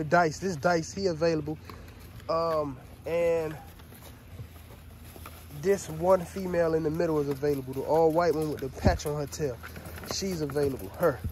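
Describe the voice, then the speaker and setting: A man's voice: darkish tone, a little hiss or hum. A man running his dog-breeding vlog, talking loosely to viewers and filling his talk with "y'all" and "man", overwhelmed and frustrated. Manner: loose, repeats "y'all" and "man", trails off low when upset. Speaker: dog breeder and channel host.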